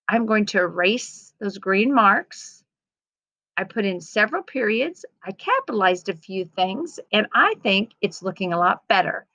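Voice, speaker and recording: Slow, patient woman teacher, gravelly voice. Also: medium pitch, animated, no echo. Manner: gentle, patient, reads aloud slowly. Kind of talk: modeling writing edits for young students. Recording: slightly dull lo-fi sound.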